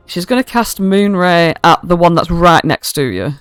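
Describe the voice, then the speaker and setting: A woman's voice: lowish voice, animated, moderate pace, smooth, no echo, soft background music. Swearing woman narrating as game master. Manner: casual and swearing, with many fillers. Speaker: dungeon master.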